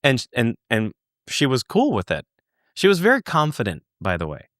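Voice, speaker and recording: Earnest halting man telling a story. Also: mid-range voice, huge pitch swings, fairly bright tone, no room sound, studio quality. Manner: earnest, halting, searches for words, swears for emphasis. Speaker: podcast guest, former UFO investigator. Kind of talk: conversational storytelling.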